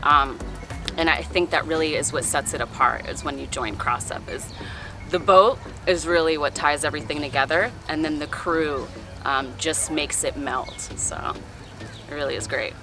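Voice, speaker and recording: Woman, very low pitch, unhurried hesitant explanation over clear music. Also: sharp tone. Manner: slow, hesitant, trailing off. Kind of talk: casual explanation.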